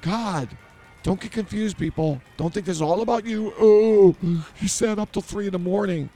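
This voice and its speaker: A man's voice: sits high, normal speed, warm tone, faint music behind. A man hosting a comedy podcast who blurts things out and mocks himself in improvised banter. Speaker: podcast host.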